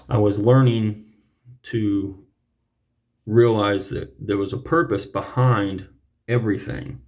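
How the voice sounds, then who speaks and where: A preacher telling his personal testimony in an earnest, reflective way, often pausing to clear his throat. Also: on the low side, fairly even intonation, darkish tone.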